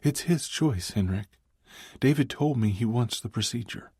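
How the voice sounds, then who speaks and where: A man's voice: mid-range voice, animated, moderate pace, mellow, slightly rough, no echo, clean studio sound, voice pushed up. A man voicing a tired, worried woman who speaks with a wobbly voice in an audiobook. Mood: weary. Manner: wobbly, weary. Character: tired worried woman, his old friend.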